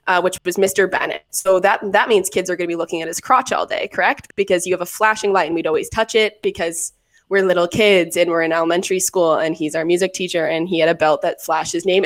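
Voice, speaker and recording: A young woman in her twenties with a slightly low voice rambles through a story on a podcast. She talks casually, piling on fillers and restarts. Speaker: podcast co-host. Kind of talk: casual chat.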